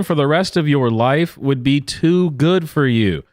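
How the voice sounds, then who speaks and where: A man's voice: mid-range voice, lively intonation, moderate pace, no echo, studio quality, soft background music. A man hosting a reaction commentary, incredulous and sarcastic, with frequent exclamations. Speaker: commentary host.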